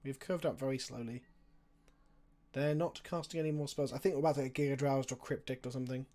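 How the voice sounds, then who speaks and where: A man's voice: mid-range voice, fairly even intonation, fast, dark tone. A young man chatting casually on a live stream, talking through his card game plays and answering viewer questions.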